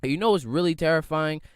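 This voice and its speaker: Young Philly-man, solo podcast host, swinging pitch, dry close sound, cursing and rambling. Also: no room sound. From Philadelphia area. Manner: loose, profane, rambling, rhetorical questions.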